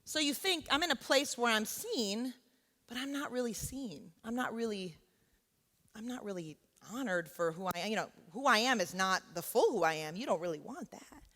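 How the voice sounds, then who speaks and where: A woman's voice: fairly high pitch, lively intonation, normal speed, fairly bright tone. A woman who teaches college gives an earnest, conversational church talk and keeps checking in with her listeners. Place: church sanctuary. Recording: long church hall reverb.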